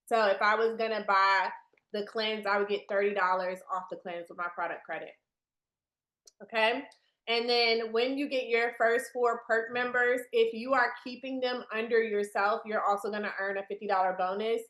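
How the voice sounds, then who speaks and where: A woman's voice: fairly high pitch, steady tone, normal speed, fairly bright tone, roomy sound. Chatty woman leading a training call. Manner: chatty, addresses the audience directly. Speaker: team leader presenting to new distributors. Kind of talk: business training presentation on a video call. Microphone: video call.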